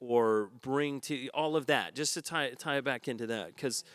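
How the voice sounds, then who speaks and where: A man's voice: mid-range voice, normal speed, a bit bright, clear, resonant tone, no room sound, studio quality. A man, a stage actor on a discussion panel, talking in an earnest, reflective way with frequent restarts.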